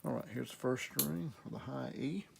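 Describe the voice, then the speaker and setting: A middle-aged man with a Southern US accent, casually demonstrating guitar care in a relaxed, rambling way while he works. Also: medium pitch, normal speed, vocal fry, very noisy. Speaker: guitar repair instructor.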